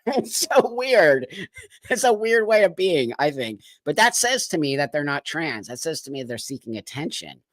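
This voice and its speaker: A man's voice: a little high, lively intonation, moderate pace, hardly any pauses, fairly bright tone, no room sound, clean studio sound. A man hosting a live stream, giving emphatic, indignant commentary with many rhetorical questions. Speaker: livestream host.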